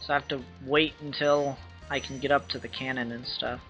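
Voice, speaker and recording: A man's voice: mid-range voice, little pitch movement, fairly quick, a bit bright, soft background music. A man casually commenting on the game he is playing, enthusiastic and plain-spoken with some swearing. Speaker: gamer playing on stream.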